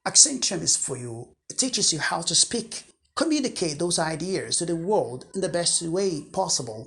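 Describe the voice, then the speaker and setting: A coach speaks in an unscripted talk to camera, pitched at an ordinary middle height. The delivery is earnest and emphatic, with key words said twice. Sentences often restart partway through. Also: sing-song, moderate pace, gravelly, a bit bright. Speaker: English accent coach.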